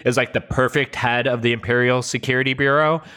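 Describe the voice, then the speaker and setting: A man co-hosting a casual podcast, enthusiastic and full of ums and likes, slowing down to stress his points. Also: medium pitch, fairly even intonation, pushed and bright, smooth. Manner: enthusiastic, filler-heavy, slows to stress points. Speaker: podcast co-host. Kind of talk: casual chat.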